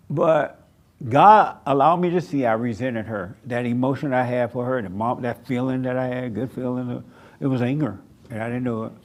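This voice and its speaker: An older man preaching in a plain, slow, storytelling way, acting out what people say. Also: mid-range voice, fairly even intonation. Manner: slow, plain-spoken, storytelling with acted-out quotes. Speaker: pastor. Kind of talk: sermon answering questions. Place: church meeting room.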